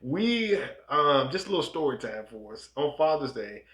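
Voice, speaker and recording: A man in his thirties co-hosting a married couple's podcast, talking casually in a soft, low-key voice that sounds close to a whisper, and acting out quoted voices as he tells stories. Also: big pitch swings, moderate pace, reverberant. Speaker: podcast co-host. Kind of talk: casual chat.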